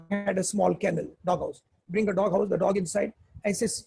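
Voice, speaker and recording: A man's voice: sits high, steady tone, fairly quick, gravelly, warm tone, faint music behind, poor audio. A man giving a spiritual discourse, teaching earnestly and emphatically through animal fables.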